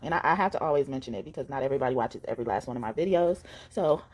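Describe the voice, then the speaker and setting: A woman's voice: rumbling low, lively intonation, very fast, a little mellow. A woman giving a casual tarot reading to camera, speaking earnestly and affectionately to the viewer, rambling and repeating words as she goes. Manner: affectionate, addressing the viewer directly. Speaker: tarot reader.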